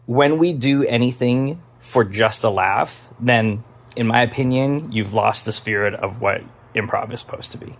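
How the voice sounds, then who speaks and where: A man's voice: mid-range voice, normal speed. A man from Taiwan, an improv teacher, giving his frank opinion in a casual talk to camera. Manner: casual, frank, lots of fillers.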